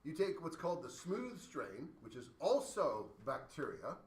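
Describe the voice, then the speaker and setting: Lively male teacher, echoey classroom. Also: on the high side, a little slow, recorded from a distance. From Canada. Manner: lively, joking, explains with playful analogies. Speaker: high school science teacher. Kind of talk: classroom lecture.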